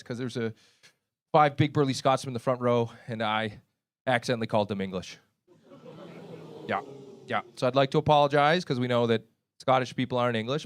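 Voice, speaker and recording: A young Canadian man with a Canadian accent, performing a profane stand-up comedy set on a club stage. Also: medium pitch. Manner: brash, profane, laughing at own jokes.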